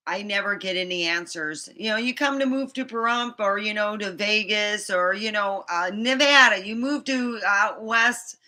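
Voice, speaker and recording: A woman's voice: mid-range voice, moderate pace, hardly any pauses, sharp tone. A woman vlogger ranting to the camera, frustrated, rambling and swearing often. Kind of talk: venting to camera.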